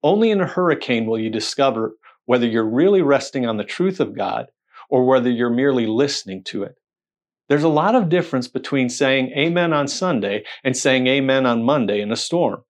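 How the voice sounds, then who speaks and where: Man preaching an animated sermon. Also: mid-range voice, brisk. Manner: animated storytelling with rhetorical questions and quoted voices.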